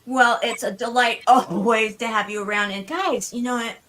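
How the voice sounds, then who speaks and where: Bubbly party host lady on a video call, bright voice, kinda high. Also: fairly even intonation, normal speed, a little hiss or hum. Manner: bubbly, effusive, calls on guests. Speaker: show host. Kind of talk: live online party show hosting.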